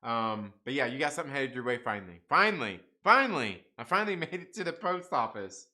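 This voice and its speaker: A man's voice: medium pitch, sing-song, fast, pushed and bright. A young man hosting a live comics stream, chatting casually, reading the chat aloud, swearing and laughing often.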